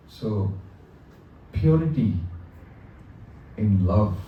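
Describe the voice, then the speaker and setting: Guy preaching in a big echoey hall, dark mellow voice, mic kinda far off. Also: lowish voice, slight background noise. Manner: slow, emphatic storytelling with quoted dialogue. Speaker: spiritual teacher. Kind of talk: devotional lecture. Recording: echoey hall, distant mic, faint ambience.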